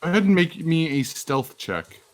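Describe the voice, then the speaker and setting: Lively man running a tabletop game. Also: a little high, normal speed. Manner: lively, reads scene text aloud. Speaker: dungeon master.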